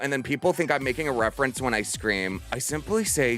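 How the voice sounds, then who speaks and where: A man's voice: medium pitch, lively intonation, a little fast, hardly any pauses, pushed and bright, soft background music. A man in his thirties chatting casually with viewers on a livestream, bubbly and theatrical. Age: 30s. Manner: bubbly and theatrical, bursts into playful screams.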